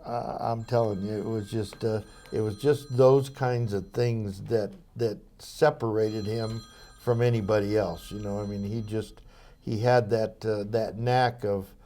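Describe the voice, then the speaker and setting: A mellow-voiced older man recounts his memories as an interview guest. He talks in loose, rambling sentences, full of fillers and false starts. His storytelling is relaxed and anecdotal. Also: lowish voice, a little slow. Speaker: interview guest, former police officer.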